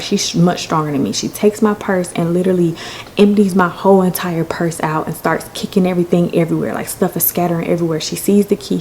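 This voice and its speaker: A woman with a lowish, slightly mellow voice hosts a podcast, recounting a personal story candidly and emotionally, with some swearing. The recording is low quality, with slight background noise.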